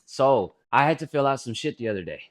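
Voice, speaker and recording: Lively young man telling stories, swearing freely. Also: medium pitch, brisk. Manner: swears a lot, gets loud and laughing when telling stories. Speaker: podcast co-host. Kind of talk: casual storytelling chat.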